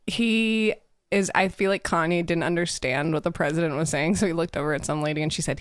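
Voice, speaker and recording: A woman's voice: on the low side, fairly quick, smooth, no room sound, clean studio sound. A woman co-hosting a comedy podcast, giggling and reading chat comments. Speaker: co-host. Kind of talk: casual chat.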